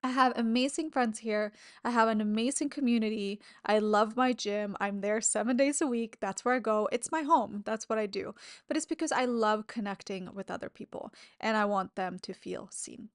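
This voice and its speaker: Fairly high-pitched and moderately paced, this woman hosts her own podcast in a candid, chatty solo monologue, swearing freely and laughing between thoughts. The recording is clean studio sound with no room sound.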